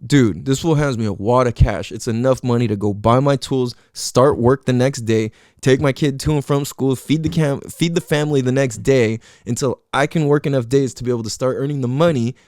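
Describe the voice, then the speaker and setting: A man's voice: medium pitch, fairly quick, hardly any pauses, a little mellow, no echo, studio quality. A man hosting a podcast, telling a story casually and swearing a lot. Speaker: podcast host.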